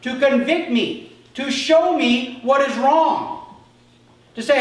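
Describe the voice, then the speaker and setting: A man's voice: very high voice, slow. A male pastor preaching a conversational sermon, acting out little dialogues as he goes. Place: church sanctuary. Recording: echoey church hall, mic far off.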